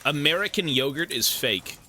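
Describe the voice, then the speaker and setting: A man's voice: fairly high pitch, expressive, moderate pace, pushed and bright, a little hiss or hum. A man from Canada streaming a game, chatting casually in a rambling, profane, joking way. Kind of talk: casual chat while gaming.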